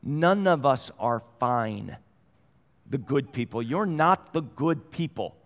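Pastor in a reverberant hall. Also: male voice, mid-range voice, takes it slowly. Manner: conversational storytelling, swinging from quiet to animated. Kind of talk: sermon.

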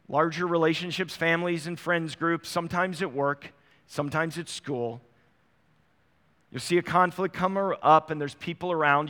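A middle-aged pastor preaches a conversational sermon in a church sanctuary, acting out small everyday dialogues. His voice is a little high with a sharp tone. The recording carries a long hall reverb.

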